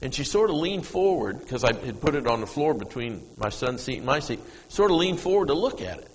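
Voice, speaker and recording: A middle-aged man preaching a sermon as pastor, telling a story and moving from hushed asides to loud, emphatic peaks. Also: mid-range voice, very animated, brisk. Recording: long reverb of a church hall.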